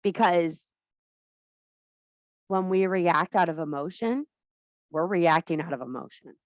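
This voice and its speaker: A woman's voice: lowish voice, unhurried, dry recording. Blunt, profane woman preaching to a women's circle. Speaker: spiritual teacher. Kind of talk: impassioned women's circle talk.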